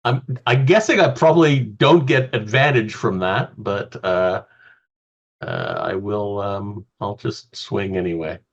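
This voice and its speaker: A man's voice: fairly low pitch, very animated, measured pace, husky. Sex: man. Role: player. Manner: hesitant, thinking aloud. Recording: dull lo-fi mic. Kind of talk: tabletop game chat.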